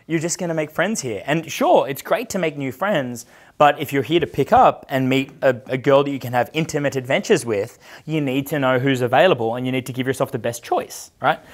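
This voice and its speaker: A man's voice: medium pitch, a little fast. A man coaching a live group on dating, talking casually, swearing freely and laughing at his own stories.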